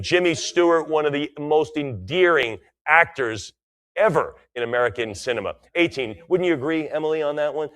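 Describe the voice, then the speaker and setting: A middle-aged man calls a live auction, his voice sitting at an ordinary middle pitch. He chants the bid amounts in quick, repetitive runs, then slips into friendly, enthusiastic remarks before returning to the count. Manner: rapid repeated bid calls mixed with chatty enthusiastic asides.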